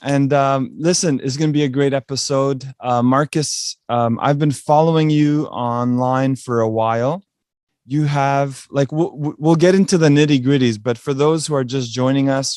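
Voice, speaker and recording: A man's voice: medium pitch, darkish tone, no room sound, clean studio sound. A man hosting a podcast, upbeat and chatty, with many fillers. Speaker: podcast host. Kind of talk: casual interview conversation.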